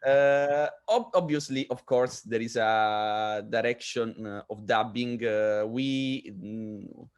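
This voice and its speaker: An Italian-speaking man explains his film in English, pausing and restarting as he searches for words. His voice sits at an ordinary middle pitch for a man. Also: clear, resonant tone. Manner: halting non-native English, lots of fillers and restarts. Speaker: film director. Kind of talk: casual interview conversation.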